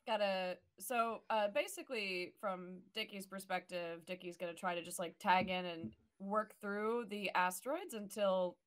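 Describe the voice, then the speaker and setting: A woman's voice: fairly low pitch, fairly bright tone. Woman player, chatty. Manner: chatty, explains her moves. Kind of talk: casual tabletop play online.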